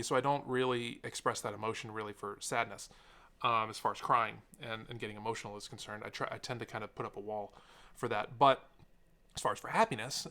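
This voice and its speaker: A man's voice: medium pitch, sharp tone. A young man talking unscripted to the camera in a sit-down vlog, rambling and earnest, with lots of fillers and sidetracks. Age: young adult. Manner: earnest and openly emotional. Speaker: tech YouTuber. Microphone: camera mic, seated talking to camera.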